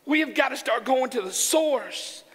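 A man from Arkansas preaching a sermon in a church, joking in a folksy, animated way. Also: very high voice, measured pace, husky. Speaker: pastor. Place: church sanctuary. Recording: church hall with long reverb.

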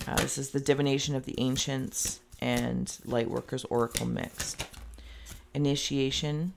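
A woman talks the viewer through a tarot reading in a rambling, meandering way, with plenty of "like." Her voice has a gravelly, creaky edge. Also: a bass voice, steady tone, a little slow, noisy background. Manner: speaks directly to the viewer. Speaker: tarot reader.

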